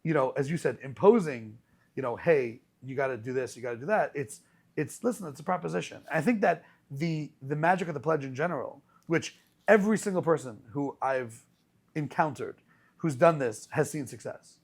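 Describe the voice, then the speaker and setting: A man hosting a podcast as a rabbi, telling stories in a casual, animated way with many restarts. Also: a little high, normal speed, creaky, breathy edge. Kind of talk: casual conversational storytelling.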